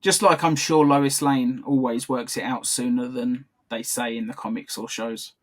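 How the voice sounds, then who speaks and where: A man co-hosts a podcast over a video call, chatting casually in commentary style and often stopping to correct himself. He laughs a lot, and his medium-pitched voice keeps a fairly even intonation at a moderate pace.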